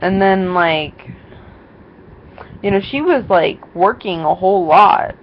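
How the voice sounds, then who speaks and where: A woman's voice: lowish voice, animated, slow. A young woman vlogging casually, rambling through a story with lots of fillers and quoted voices. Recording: dull lo-fi sound with faint noise.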